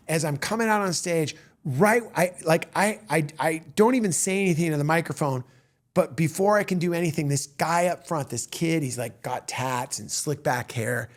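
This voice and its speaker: A man in his fifties, a comedian hosting his own show, telling stories in an animated monologue and acting out the voices of people in them. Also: fairly high pitch. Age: 50s. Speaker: comedian host. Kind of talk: storytelling monologue.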